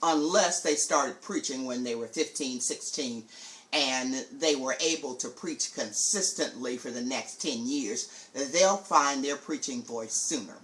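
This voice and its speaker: Slow, bright-voiced woman teaching preachers. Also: very deep voice. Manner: slow, deliberate, careful enunciation. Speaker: preaching teacher, show host. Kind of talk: live-streamed teaching talk.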